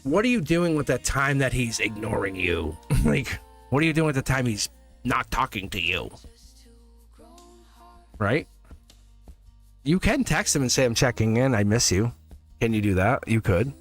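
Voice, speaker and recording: Animated rambling man reading tarot. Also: medium pitch, a little slow, gravelly, pauses often, faint music behind. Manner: rambling, chatty, laughs often. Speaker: tarot reader. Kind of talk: casual live tarot reading.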